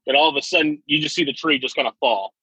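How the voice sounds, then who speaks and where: A man's voice: fairly high pitch, fast talker, bright, forceful tone, breathy edge, no room sound, poor audio. A young man, an army veteran, telling stories in a casual chat and laughing often between them.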